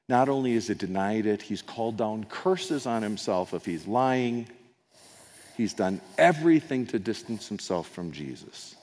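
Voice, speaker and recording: A man's voice: lowish voice, lively intonation, measured pace, a little mellow. A male pastor preaching a sermon, telling the story in a conversational way with asides and acting out the quoted lines. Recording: long hall reverb.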